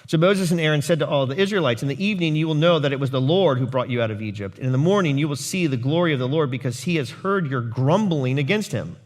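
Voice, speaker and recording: Animated male pastor preaching. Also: fairly high pitch, fast, few pauses. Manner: animated, jokey asides and voiced quotes. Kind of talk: sermon.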